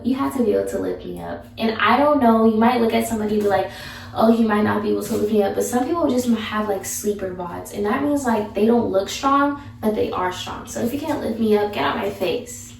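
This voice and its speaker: Young woman, sassy and blunt, casual advice chat, gravelly edge, distant mic in an echoey room. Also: a little high, slight background noise. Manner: sassy, blunt, chatty with restarts. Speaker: vlogger giving advice.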